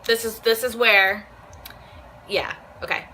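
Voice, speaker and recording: Bright, incredulous young woman swearing. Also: a little high, fairly even intonation, takes it slowly, slight background noise. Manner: blunt, profane, incredulous. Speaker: co-host. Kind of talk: casual chat.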